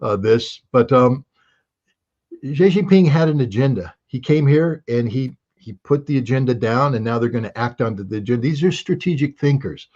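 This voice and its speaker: A man as a guest in casual political talk, animated, restarting often with many fillers. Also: mid-range voice, normal speed, lo-fi sound.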